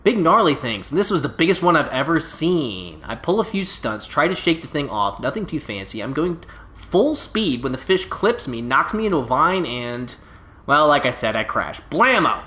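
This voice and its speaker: A man's voice: on the high side, very animated, normal speed, pushed and bright. A man doing a boastful, drawling alien pilot. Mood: easygoing boastful. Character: boastful laid-back male alien pilot, stranded. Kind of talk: reading game dialogue aloud. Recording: roomy echo.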